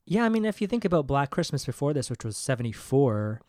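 A man co-hosts a casual movie podcast in a chatty, excited way, with a steady mid-range voice. The recording is dry and close, with no room around him. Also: mid-range voice, fast talker, no room sound. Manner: chatty, excited, swears, uses like a lot. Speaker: podcast co-host.

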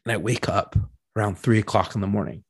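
A man's voice: on the low side, fast talker, slightly rough, no echo. A man telling a long story in casual chat, swearing constantly and acting out what people said. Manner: profane, animated, acts out quoted voices. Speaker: podcast co-host telling a story.

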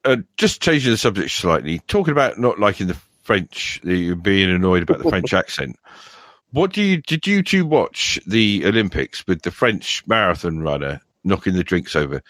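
A podcast host with a very deep voice, telling rambling stories with frequent chuckles. The sound is dry and close. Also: male voice, very animated, normal speed, few pauses, a bit bright, no room sound. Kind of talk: casual podcast chat.

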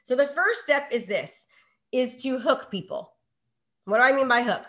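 A middle-aged woman coaching real estate agents in a live online session, energetic and full of rhetorical questions and checks of "okay?". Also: sits high, normal speed.

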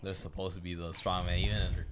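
A man's voice: deep voice, monotone, fast, a crowd in the background. A young man co-hosting a podcast, laid-back and slangy in casual chat. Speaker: podcast co-host.

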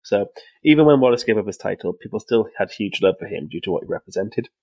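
A man's voice: on the low side, expressive, fast, a little mellow, no echo, highs cut off. Guy rambling through history. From Wales. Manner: rambling, many fillers and restarts, laughs often. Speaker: podcast co-host. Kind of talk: casual history podcast chat.

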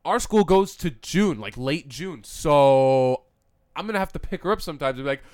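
A man's voice: a little high, expressive, normal speed, darkish tone, no room sound, studio quality. A young man co-hosting a casual podcast, crude and joking, slipping into silly voices. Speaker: podcast co-host. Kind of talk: casual chat.

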